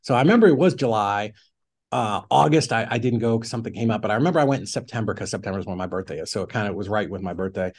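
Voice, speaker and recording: A man's voice: on the low side, lively intonation, rapid-fire, a little mellow, breathy edge. Chatty middle-aged man telling a story. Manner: chatty, peppers speech with "like", acts out his own past thoughts. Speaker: podcast guest, real estate investor. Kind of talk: casual storytelling in a conversation.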